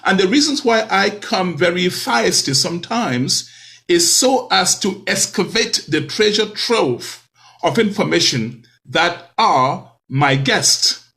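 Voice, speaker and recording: A man hosts a talk show in a high, bright voice. His pitch swings widely as he preaches at his audience and piles up rhetorical questions. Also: lively intonation, takes it slowly. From Cameroon. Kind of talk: hosting a video talk show.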